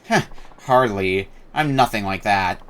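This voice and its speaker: A man's voice: fairly low pitch, lively intonation, measured pace, fairly bright tone, voice pushed down. Man doing a cool, laconic tough guy. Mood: calm.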